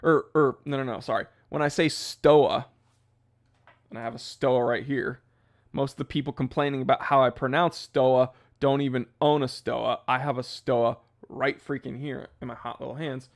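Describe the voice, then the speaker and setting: An American man hosting a casual livestream about watches, reading chat aloud and riffing, with a chatty and animated manner. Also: mid-range voice, normal speed. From United States. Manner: chatty and animated, jumps into goofy impressions of people. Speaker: watch channel host reading live chat.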